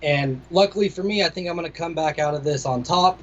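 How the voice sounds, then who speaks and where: A young adult man, a DJ and music producer appearing as a guest, chats casually in an interview in a slightly high voice that's a little quick and fairly bright. He's laid-back and rambling, swearing plenty, and the lo-fi recording sounds slightly dull.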